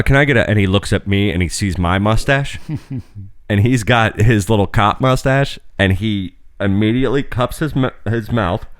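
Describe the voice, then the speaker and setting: A man with a fairly low voice tells a rambling story on a casual podcast. His delivery is loose and profane, with sudden jumps in pitch. The sound is dry and close to the mic. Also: no room sound. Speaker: podcast co-host and restaurant server.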